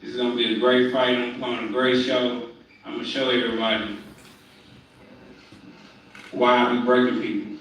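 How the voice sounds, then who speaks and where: A male professional boxer speaking slowly and boastfully at a press conference. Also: mid-range voice, flat delivery, fairly bright tone. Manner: boastful, slow-spoken. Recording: echoey hall from far off.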